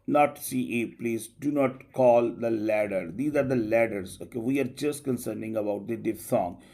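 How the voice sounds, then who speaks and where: A male English teacher giving an online class lecture, explaining slowly and tagging many lines with a rising "okay?". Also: medium pitch, creaky, warm tone. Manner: slow, drawn-out explaining with frequent rising "okay?".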